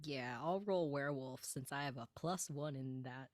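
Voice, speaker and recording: A woman's voice: extremely low pitch, moderate pace, darkish tone, slight background noise. A woman chatting casually as a player in a tabletop game, giggly and rambling with lots of fillers.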